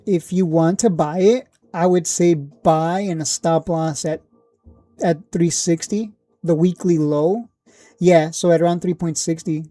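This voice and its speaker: A man's voice: fairly high pitch, fairly even intonation, measured pace, warm tone, dry recording, faint music behind. A man hosting a casual stock market livestream, reading out viewer questions and giving blunt, joking opinions. He laughs often, trails off and restarts.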